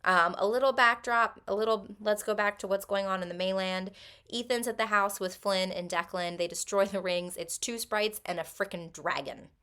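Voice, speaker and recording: A woman's voice: mid-range voice, moderate pace, bright, forceful tone. A woman casually recapping a book plot in a chatty way, with many ums and likes. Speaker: book vlogger.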